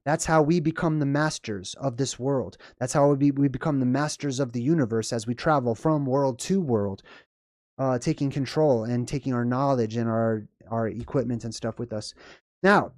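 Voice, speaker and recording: A man's voice: medium pitch, normal speed, darkish tone, dry recording, clean studio sound. A man giving casual, rambling commentary on a horror movie and often checking in with "right?" and "okay?". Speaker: video commentator.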